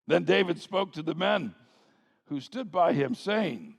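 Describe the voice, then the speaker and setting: A male pastor preaching a sermon with animated, playful asides. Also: sits high, unhurried, creaky, breathy edge. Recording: long reverb of a large hall.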